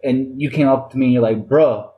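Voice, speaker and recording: A man co-hosting a podcast from a studio, ranting playfully in slangy banter and stammering through quick restarts. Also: mid-range voice, fairly even intonation, phone-quality sound. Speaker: podcast co-host.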